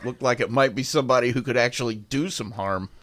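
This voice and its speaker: A man's voice: mid-range voice, fast, fairly bright tone. An older man hosting a radio show, chatting casually in a rambling, self-mocking way and laughing often. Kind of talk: casual on-air chat.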